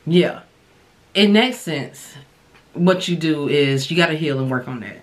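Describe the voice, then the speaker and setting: A woman's voice: low voice, measured pace. Candid woman giving dating advice. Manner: candid, conversational, sharing personal experience; relaxed colloquial delivery with frequent fillers. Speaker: podcast host and dating coach. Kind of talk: casual advice monologue.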